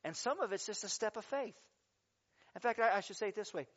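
A man preaching a sermon as pastor, telling stories with lively, dramatic changes of voice when he acts out quotes. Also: brisk, dull audio. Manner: animated storytelling, acting out quotes with big pitch jumps.

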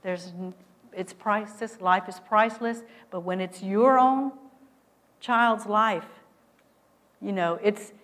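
A middle-aged woman preaching a sermon, telling a story and urging listeners with emphatic swings in loudness. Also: mid-range voice, takes it slowly, pauses often.

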